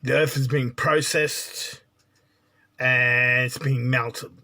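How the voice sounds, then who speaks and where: A man's voice: medium pitch, fairly even intonation, slow, sharp tone. A man giving a spiritual monologue as a teacher, blunt and lecturing, often checking in with "right?".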